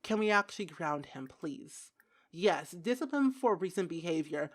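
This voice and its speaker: A woman's voice: lowish voice, moderate pace. Giggly young woman gaming creator. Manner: giggly, excitable, says "like" a lot. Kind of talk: casual gameplay commentary.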